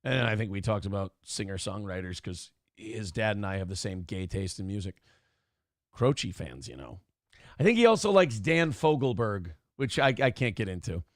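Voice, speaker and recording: A man's voice: lowish voice, big pitch swings, moderate pace, dry recording, clean studio sound. A man hosting a morning show, telling a rambling, profane story in casual talk and acting out the people he quotes. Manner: profane, rambling, acts out quotes in other voices.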